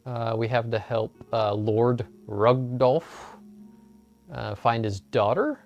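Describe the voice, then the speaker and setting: A man giving relaxed, joking commentary while playing a video game, with frequent "uh"s. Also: medium pitch, slow pace, vocal fry, highs cut off. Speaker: let's play host. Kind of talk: casual gameplay commentary. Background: game music.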